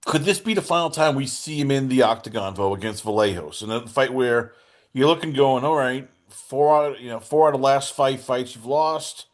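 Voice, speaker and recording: A man's voice: mid-range voice, normal speed. A man hosting a podcast in casual chat, teasing his guest and slipping into mock-outraged quotes. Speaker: podcast host.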